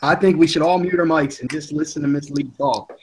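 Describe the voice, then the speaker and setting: A man from the northern U.S. with a New Jersey accent chats loosely in a group conversation. He rambles and laughs often, and his voice sits somewhat high for a man. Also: brisk, darkish tone, slight background noise. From northeastern United States. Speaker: chat participant. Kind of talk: casual group chat.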